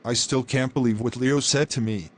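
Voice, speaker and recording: A man voicing a sly male tenant who flatters his landlord to his face and gloats about fooling him in private. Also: medium pitch, moderate pace, slight background noise, close to an everyday voice. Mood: gloating. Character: scheming male tenant faking poverty, sly.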